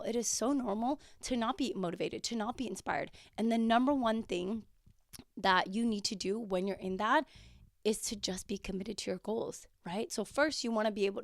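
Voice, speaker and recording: A woman hosting her own podcast in a chatty, casual way, her voice raspy as she comes down with a cold. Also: mid-range voice, no room sound, studio quality. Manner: chatty, with fillers and quoted asides. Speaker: podcast host and coach. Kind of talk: casual solo podcast talk.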